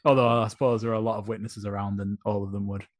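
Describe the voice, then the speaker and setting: A man's voice: fairly low pitch, fairly even intonation, very fast. A man co-hosting a podcast, chatting casually with wry, dry humor. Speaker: podcast co-host. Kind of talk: casual chat.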